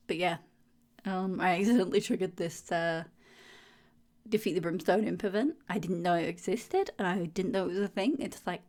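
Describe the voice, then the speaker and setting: A young woman doing a casual, chatty voiceover for her gaming video. She giggles a lot and acts out silly inner dialogue in a higher voice. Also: animated, moderate pace, long pauses. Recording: voiceover recorded at home on a mic.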